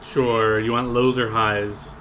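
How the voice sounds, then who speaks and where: A man's voice: fairly low pitch, flat delivery, slow, a bit bright, slight background noise. A man narrating as game master in a casual, rambling way with lots of fillers.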